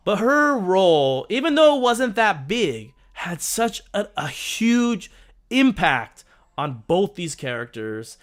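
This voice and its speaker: A man around his thirties hosts a casual live stream, chatting excitedly with viewers and rambling with lots of restarts. His voice is high-pitched and slow.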